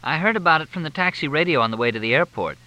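Man doing a woman reporter, teasing and sharp, raised pitch, bright voice, dry quick banter, audiobook. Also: expressive, no room sound, poor audio.

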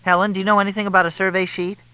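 A man's voice: high voice, flat delivery, very fast, bright, forceful tone, smooth, no room sound, pitched above the performer's own voice, rough recording. A man voicing a flustered young female switchboard operator, polite and formal.

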